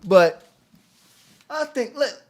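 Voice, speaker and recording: A man hosting a casual livestream discussion, talking in a rambling, halting way with many restarts. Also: extremely high pitch, animated. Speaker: livestream host.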